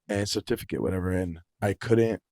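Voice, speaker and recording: A young man on a podcast as the guest, telling stories in an animated, casual way and swearing freely. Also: lowish voice, fairly quick, dry recording, clean studio sound. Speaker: podcast guest, singer-songwriter. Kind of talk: casual storytelling chat.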